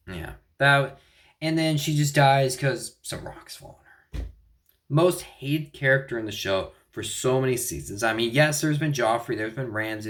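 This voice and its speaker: A young man talking through a TV finale in a loose, unscripted way. He rambles, trips over his words and keeps correcting himself mid-sentence. His voice sits at an ordinary pitch for a man. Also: a bit bright. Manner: rambling, frequent restarts and self-corrections. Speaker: video reviewer. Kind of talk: casual TV show recap and opinion.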